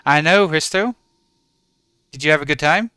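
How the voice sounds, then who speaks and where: A man's voice: a little high, moderate pace, bright, forceful tone, clear, resonant tone, dry recording. A man streaming a game from home in regional Australia, easygoing as he greets and thanks viewers by name. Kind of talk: live stream chat with viewers.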